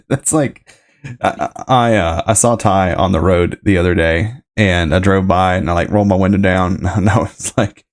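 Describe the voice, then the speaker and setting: A young man hosting a podcast, chatting in a laid-back way and quick to laugh and joke along. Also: deep voice. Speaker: podcast host. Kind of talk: casual chat.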